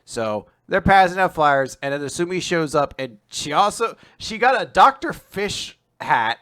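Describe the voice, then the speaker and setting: A man's voice: a little high, normal speed, few pauses. A man co-hosting a casual manga recap podcast, retelling scenes and jumping into exaggerated character voices. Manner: animated, acts out characters' lines in exaggerated voices. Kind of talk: casual chat.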